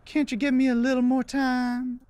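A man's voice: very high voice, completely flat delivery, normal speed, darkish tone, clean tone, dry recording, voice pushed up. A man voicing a frail, nervous elderly woman who stammers and pleads, reading game dialogue aloud. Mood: pleading.

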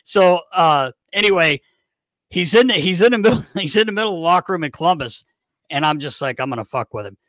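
A man hosting a podcast, telling a long, profane, animated story in a casual chat. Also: sits high, a little fast, no echo. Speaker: podcast host.

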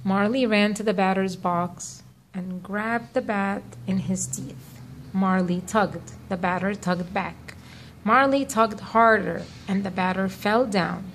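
A woman narrating a read-aloud children's story in a clear, measured way. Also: medium pitch, slight background noise.

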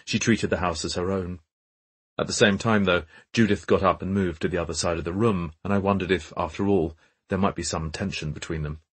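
A man narrating a mystery audiobook in first person, measured and observant. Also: deep voice, steady tone, breathy edge. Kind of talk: scripted narration.

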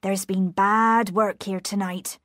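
A woman reading a storybook, voicing a rough but kindly male coachman who speaks in a soothing, steady way. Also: mid-range voice, slow, no echo, studio quality. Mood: grave.

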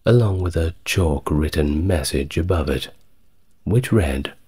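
A man giving a calm, soft-spoken ASMR history narration, measured and steady, with wry conversational asides. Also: extremely low pitch, slightly rough.

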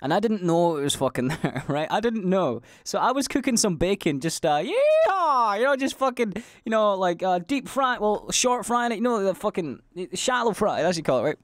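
A young Scottish man hosting a podcast, rambling through stories in casual chat, swearing a lot and acting out loud quotes. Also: high-pitched, fairly quick, few pauses, no room sound, studio quality. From Scotland. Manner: sweary, animated storytelling with loud acted-out quotes. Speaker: podcast host.

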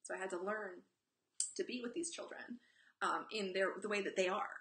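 Animated, gravelly, blunt woman coach. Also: mid-range voice, moderate pace. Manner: candid and blunt, swears freely, tells personal stories; talks nonstop in an animated, emphatic way. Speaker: parenting coach. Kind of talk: live-stream talk to viewers.

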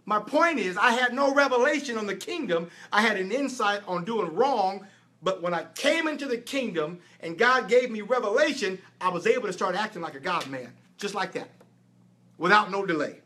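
A middle-aged preacher with a high, bright voice delivers an emphatic sermon. He tells his story and drives his points home through repetition. His voice climbs and falls as he builds. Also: expressive, normal speed. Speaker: apostle and preacher. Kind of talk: sermon teaching with testimony.

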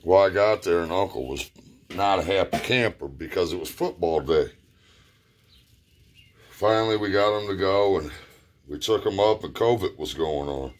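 A man's voice: deep voice, normal speed, pauses often. A man telling a personal story in a laid-back, profane, rambling way. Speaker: vlogger. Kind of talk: casual storytelling.

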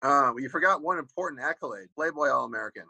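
A man's voice: a little high, lively intonation, quick pace, vocal fry, bright, forceful tone, husky, no room sound, poor audio. A man in his forties, a former pro football player, talks casually as an interview guest and tells rambling stories full of "you know" and restarts.

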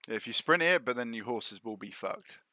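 A man running a tabletop game as game master, giving relaxed, offhand rulings. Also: mid-range voice, normal speed.

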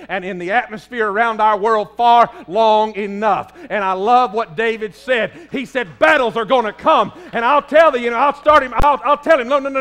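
A man with a Southern US accent preaching a fervent sermon as pastor in a church, often rising to a shout. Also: high-pitched. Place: church sanctuary.

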